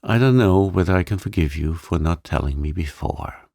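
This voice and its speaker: A man's voice: sits low, lively intonation, moderate pace, gravelly, a little mellow, no echo, clean studio sound, full character voice. A man reading a storybook, voicing a proud, forthright young woman in love, his voice raised and plain-spoken. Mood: tender, frank.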